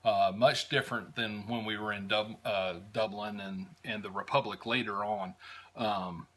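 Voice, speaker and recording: A man's voice: lowish voice, fairly even intonation, normal speed. Rambling American man telling a travel story. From United States. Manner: rambling, many "uh"s and restarts, warm fondness. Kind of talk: casual storytelling.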